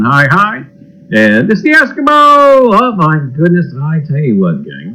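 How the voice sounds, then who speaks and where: A man's voice: fairly high pitch, huge pitch swings, slow pace, bright, forceful tone, rough recording. A man hosting a livestream in a folksy, jokey way, greeting viewers by name and repeating his catchphrases. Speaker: livestream host. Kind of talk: casual livestream chat.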